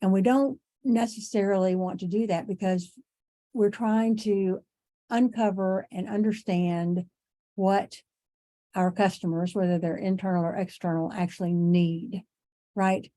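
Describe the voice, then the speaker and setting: A middle-aged woman teaching an online class in a conversational way, repeating herself for emphasis and clearing her throat as she loses her voice. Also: medium pitch, fairly even intonation, a little slow, warm tone. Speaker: instructor.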